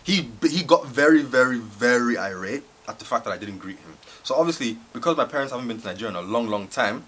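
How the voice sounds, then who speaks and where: A young man telling a comic storytime story on his vlog, animated and laughing as he goes. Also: medium pitch, fast, few pauses, a little hiss or hum. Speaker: vlogger.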